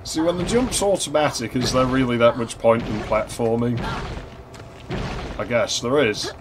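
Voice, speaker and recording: A young man casually commenting on a retro game as he plays. He wanders into anecdotes, laughs at his own stories and swears freely. His voice sits at an ordinary middle pitch, with a faint background hum. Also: normal speed. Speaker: gaming channel host.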